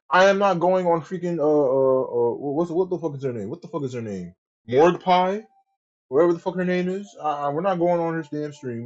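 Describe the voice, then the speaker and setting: Blunt, swearing male streamer, muffled audio. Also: fairly high pitch. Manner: blunt and profane, with stammered restarts. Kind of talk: casual livestream chat.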